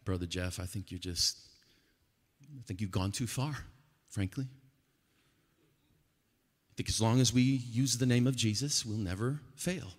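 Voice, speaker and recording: A doubting churchgoer pushes back in a low, quiet, skeptical voice, as a preacher plays him. He sounds sure of himself and a little dismissive. The voice rings in a long hall reverb. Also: slow pace, long pauses.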